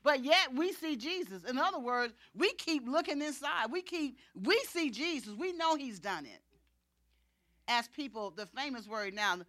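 A woman's voice: sits high, lively intonation, normal speed, fairly bright tone, no echo, clean studio sound. A middle-aged woman preacher giving a sermon, emphatic and repetitive, often saying "you know". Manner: emphatic, repeats key phrases, frequent "you know".

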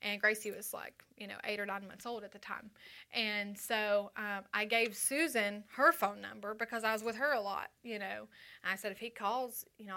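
A woman's voice: mid-range voice, vocal fry, bright, forceful tone. A woman telling her personal testimony to a live audience indoors, chatty and full of fillers, acting out the voices of the people in her story. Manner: chatty, acts out quoted voices, frequent fillers. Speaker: speaker giving her testimony.

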